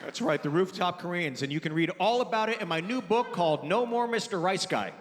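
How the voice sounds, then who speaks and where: A man's voice: high voice, expressive, fairly quick. A man doing a stand-up comedy set in a large theater, working the crowd with brash, mock-exasperated rants. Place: large theater with live audience. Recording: long hall reverb, audience noise.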